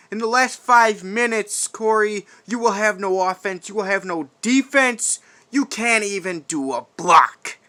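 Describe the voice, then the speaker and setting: A man cutting a menacing, in-character wrestling promo in a high, sharp, tense voice. He drags out his words slowly, taunting and cursing, and swings from loud outbursts to hushed, threatening whispers. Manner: profane trash talk.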